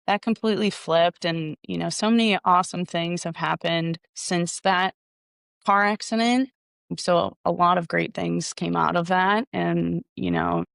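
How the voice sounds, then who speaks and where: A woman's voice: on the low side, fairly even intonation, a little slow, vocal fry, a bit bright, dry recording, studio quality. A young woman, a golf coach, answering interview questions in an earnest, thoughtful way.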